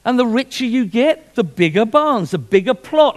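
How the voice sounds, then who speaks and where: A man preaching a sermon, lively and fond of repeating himself and asking rhetorical questions. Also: extremely high pitch, normal speed, hardly any pauses.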